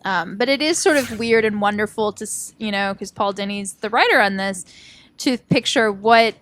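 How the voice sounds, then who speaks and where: A woman co-hosting a podcast, chatting casually over gameplay in an animated way and laughing often. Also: medium pitch, normal speed, slight background noise. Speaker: podcast co-host.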